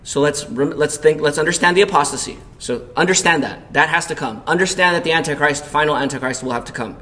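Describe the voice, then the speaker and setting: A fast-talking man with a fairly high voice preaches as pastor. He tells a personal story in a chatty way, asks the congregation questions, and dramatizes quoted panic loudly.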